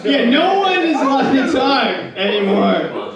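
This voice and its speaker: A man's voice: very high-pitched, sing-song, a little slow, recorded from a distance. A man doing a stand-up comedy set in a small club, laughing often and bantering with hecklers. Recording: echoey room mic with crowd. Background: audience laughter.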